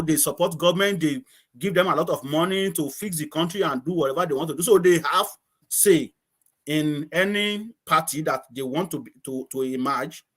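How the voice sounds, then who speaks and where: A man from Nigeria, a guest telling stories in casual conversation, halting and repeating words, often laughing. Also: fairly high pitch, a bit bright.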